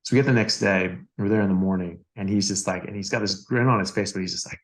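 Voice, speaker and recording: A man's voice: sits low, fairly even intonation, fast talker. A man talking as a doctor guest, telling a story casually with lots of fillers and repeated words.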